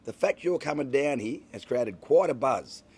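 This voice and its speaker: A man's voice: mid-range voice, animated, normal speed, darkish tone, slightly rough. A middle-aged Australian man reciting playful rhyming comic verse with a lilting rhythm. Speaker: bush poet.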